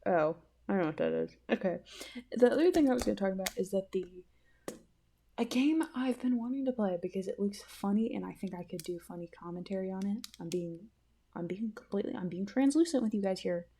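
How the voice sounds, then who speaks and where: A woman hosting a casual solo podcast, rambling and giggly, often bursting with excitement. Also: mid-range voice, brisk, a little hiss or hum. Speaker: podcast host.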